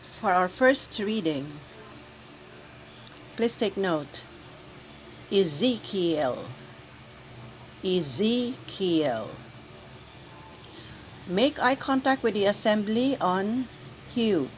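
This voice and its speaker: A woman guiding church lectors through the Sunday readings, speaking in a slow, deliberate, carefully enunciated way. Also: mid-range voice, animated, slight background noise, poor audio. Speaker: lector trainer. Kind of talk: instructional reading guide.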